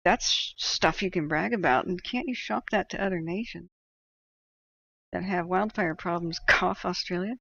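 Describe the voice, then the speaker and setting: A woman's voice: on the low side, moderate pace, vocal fry, a bit bright, no room sound, muffled recording. A woman hosting a livestream and reading out chat, talking in a casual, opinionated way and laughing often.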